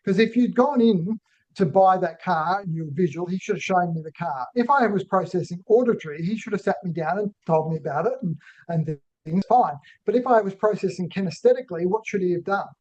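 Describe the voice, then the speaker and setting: A man's voice: high-pitched, a little fast, darkish tone. A man presenting a business webinar. He talks in a conversational way and keeps checking in with "right?". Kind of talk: business webinar talk with personal story. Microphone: online call microphone. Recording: dull lo-fi webinar audio.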